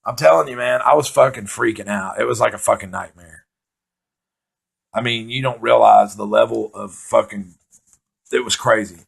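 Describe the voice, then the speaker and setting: Man, stand-up storyteller, very gravelly, husky, profane and excitable. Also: mid-range voice, moderate pace. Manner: profane, excitable, acts out his own panic. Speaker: stand-up comedian. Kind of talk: rambling comic storytelling.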